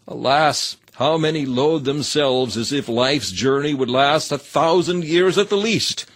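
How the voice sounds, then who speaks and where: Earnest man reading a sermon. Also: medium pitch. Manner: earnest exhortation in old-fashioned scriptural phrasing. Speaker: reader of a sermon.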